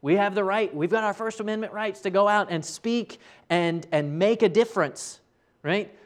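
A man's voice: high voice, moderate pace. A man preaching a conversational sermon, telling the story earnestly and often checking in with his listeners by asking "right?". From United States. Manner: tags many sentences with "right?".

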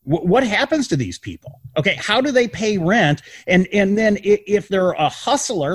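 A man's voice: fairly high pitch, breathy edge, dry recording. A man in casual talk, speaking animatedly with many rhetorical questions and restarts. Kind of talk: casual political chat.

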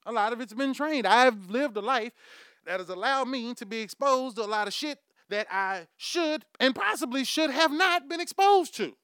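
A man's voice: very high-pitched, moderate pace, pushed and bright, clean tone, no room sound, studio quality. A man hosting his own podcast, delivering a profane comic monologue and laughing at his own jokes. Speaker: podcast host.

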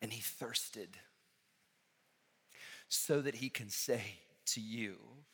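A man preaching a sermon as a pastor, impassioned, swinging from hushed, quiet passages to loud, ringing calls. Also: medium pitch, takes it slowly, slightly rough. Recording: long reverb of a large hall.

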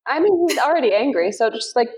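A woman's voice: fairly high pitch, animated, fast, darkish tone. A woman co-hosting a podcast, making earnest remarks in casual chat. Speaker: podcast co-host.

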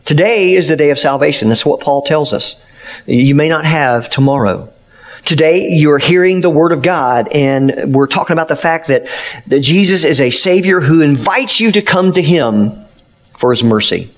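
Man pastor, sermon, earnest emphatic storyteller, slightly high voice. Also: expressive, moderate pace.

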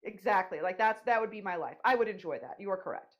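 A woman co-hosting a podcast in casual chat, playful and quick to joke. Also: mid-range voice, animated. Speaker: podcast co-host.

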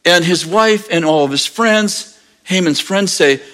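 Animated man preaching a sermon. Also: high voice, a little slow. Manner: animated storyteller, acting out characters. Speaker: pastor.

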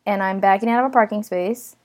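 A young American woman tells a personal story in a chatty, casual way. She pokes fun at herself and breaks in with dramatic asides. Her voice sits at an ordinary middle pitch for a woman. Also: fast. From United States.

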